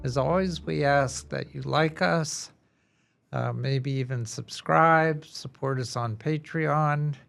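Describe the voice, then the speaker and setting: A man hosting a spiritual podcast, introducing his guest in a measured, conversational way while losing his voice. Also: on the high side, creaky, fairly bright tone, faint music behind. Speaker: podcast host.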